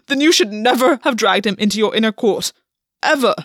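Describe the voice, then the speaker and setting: A woman's voice: on the high side, lively intonation, a little fast, a bit bright, no room sound, clean studio sound. A woman voicing a desperate, bitter male fae king in an audiobook reading, pleading and accusing in a raw tone.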